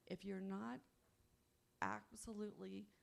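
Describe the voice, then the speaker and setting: A woman's voice: mid-range voice, level tone, measured pace, creaky. A woman speaking at a convention, giving an upbeat motivational talk and often asking her audience "you know what?". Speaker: conference speaker. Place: on stage at a convention.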